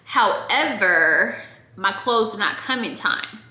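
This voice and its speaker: Bright, chatty young woman in echoey room. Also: mid-range voice, slow. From Oregon, USA. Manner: chatty, animated, addresses viewers directly. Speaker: vlogger. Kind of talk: casual storytime.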